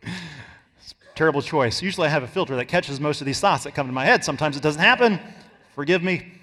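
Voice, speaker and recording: A man's voice: fairly high pitch, lively intonation, brisk, pauses often, big-room sound. A man preaching a sermon as pastor, emphatic, stretching and stressing words for effect. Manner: emphatic, varies loudness and pace for stress.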